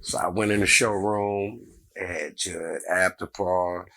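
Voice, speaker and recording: A middle-aged man, a comedian, telling a story in a casual, animated way and acting out the people in it. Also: sits low, a little slow. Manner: animated, acts out every character in the story.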